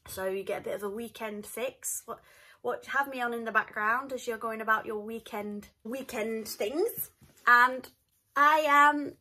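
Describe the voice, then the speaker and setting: A female vlogger from the north of England, with a Northern English accent, chats casually to camera at home. Her fairly high, fairly bright voice sounds cheerful as she rambles with lots of asides.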